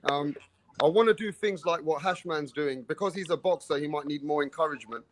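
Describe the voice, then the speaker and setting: A man's voice: fairly high pitch, brisk. A man speaking earnestly in casual chat, making his case. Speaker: guest. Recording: clear background noise.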